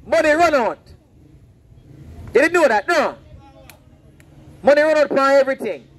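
A man's voice: very high voice, animated, moderate pace, rough recording. A man preaching outdoors on a roadside, fervent and repetitive, warning and pleading with passersby. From Saint Vincent. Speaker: street preacher. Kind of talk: open-air preaching.

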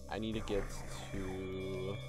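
A man streaming a game, giving casual, excitable commentary, swearing at enemies and mocking himself. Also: deep voice, slow, over loud music.

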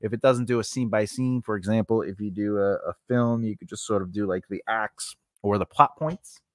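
A man's voice: on the low side, moderate pace, no echo. Guy talking through screenwriting tips, chatty with lots of uhs, dry close sound. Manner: chatty, lively, with asides and filler words. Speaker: screenwriting channel host. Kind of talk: casual teaching monologue.

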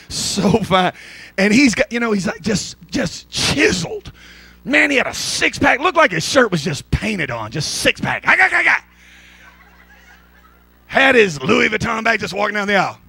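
A man's voice: high voice, creaky, fairly bright tone, breathy edge. A man preaching a sermon in a church, joking and laughing as he acts out voices in his stories. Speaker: pastor. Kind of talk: comedic sermon storytelling. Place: church sanctuary.

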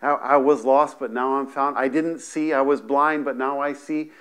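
Man, pastor preaching, living room, seated before a camera, halting repeated starts, mid pitch. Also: fairly even intonation, fairly bright tone, clean tone. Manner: repetitive, halting restarts, asks "amen? right?" often. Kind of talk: sermon. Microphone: camera in front of him, seated on a stool.

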